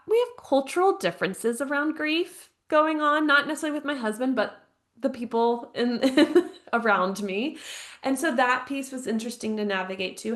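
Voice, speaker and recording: A woman's voice: a little high, a bit bright. A woman in her thirties, a podcast guest and grief counselor telling her personal story in an earnest, reflective way, often saying "like" and laughing lightly. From United States. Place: home, living abroad.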